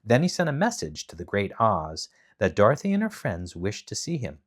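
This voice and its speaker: A man reading a children's bedtime story aloud, animated and dramatic in his delivery. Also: fairly low pitch, moderate pace.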